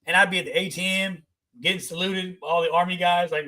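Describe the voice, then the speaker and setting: A man co-hosting a podcast, telling a service story in a lively, profane, laughing way. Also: high-pitched, a little fast. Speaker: podcast co-host. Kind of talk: casual chat, storytelling.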